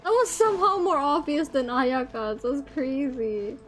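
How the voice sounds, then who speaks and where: Excitable high-voiced woman streamer. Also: a little slow, faint music behind. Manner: excitable, dramatic outbursts. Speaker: game streamer. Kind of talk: live game commentary.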